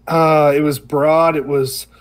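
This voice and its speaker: A man's voice: on the high side, flat delivery, slow. A man co-hosting a podcast in casual chat, joking around and laughing often.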